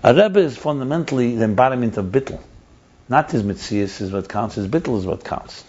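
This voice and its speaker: A man's voice: medium pitch, lively intonation, a little fast, darkish tone, slightly rough. A man explaining ideas in a conversational teaching style, emphatic and repeating his key points. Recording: dull lo-fi recording.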